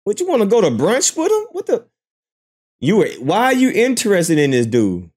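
A man reacting to clips on a live stream in casual commentary, mocking and animated, jumping into high squeals of disbelief. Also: normal speed, slightly rough.

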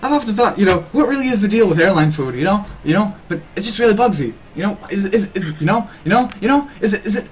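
A man's voice: high-pitched, expressive, breathy edge, pitched above the performer's own voice. A man doing a musing stand-up comic. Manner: musing, halting questions.

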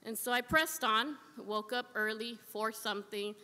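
In an echoey church sanctuary with long reverb, a woman in the congregation gives earnest personal testimony, repeating phrases for emphasis. She speaks a little high at a moderate pace, in a pushed, bright voice.

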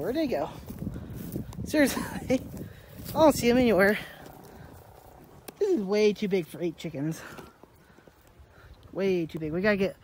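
A woman talking casually into a handheld camera outdoors in her garden. Her speech is rambling and chatty, full of little laughs and restarts, at an ordinary middle pitch. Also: animated, moderate pace, long pauses, darkish tone, slight background noise. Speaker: vlogger. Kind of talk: casual vlog chat.

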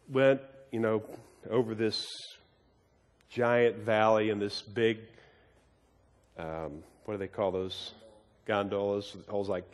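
A man's voice: lowish voice, long reverb tail. A man teaching a Bible study as a sermon, earnest and emphatic, often repeating and restarting his words as he tells a story.

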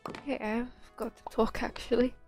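A woman's voice: on the high side, flat delivery, normal speed, vocal fry, darkish tone. A young woman gives casual, easygoing commentary as she plays a bakery game. She talks to herself and greets the in-game customers in a chatty way. Faint game music plays behind her voice. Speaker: gaming channel host.

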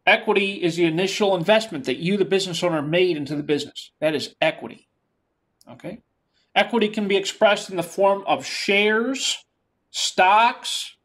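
A lecturer with a New York accent teaches in a classroom. The voice is mid-pitched and the delivery is plain and explanatory. Key terms are said again and again. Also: normal speed, a bit bright.

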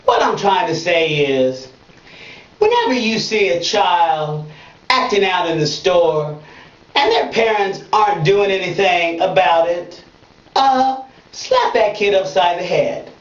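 A woman delivers a comedic monologue from a bathtub, her pitch jumping around as she swings from playful to mock outrage. The sound is roomy and bounces off bathroom walls. She sits back from a dull, lo-fi mic. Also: lively intonation, slow pace, distant mic. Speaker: comedic web show host.

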